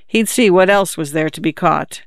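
An audiobook narrator reading a literary story in a measured, even manner. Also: medium pitch, gravelly, no room sound, clean studio sound.

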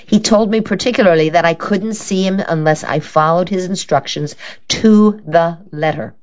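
A woman's voice: fairly low pitch, normal speed, voice pushed up, close to an everyday voice. A woman doing a careful young niece. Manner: unconvincing, careful. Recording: dull lo-fi recording.

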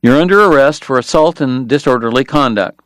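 Unbothered frontier lawman , read by a male narrator, flat and offhand, mid-pitched, dry sound. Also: fairly quick, dry recording, natural voice. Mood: cool. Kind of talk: audiobook character voice.

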